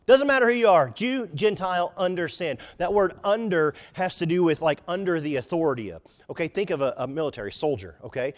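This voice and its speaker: A male pastor preaching a sermon, speaking emphatically, repeating words, and acting out people's inner thoughts. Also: fairly high pitch.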